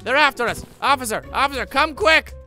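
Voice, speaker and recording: A young man doing comedic video game commentary, excitable and giggly, with sudden yelps. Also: very high voice, brisk. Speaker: gaming YouTuber. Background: game music.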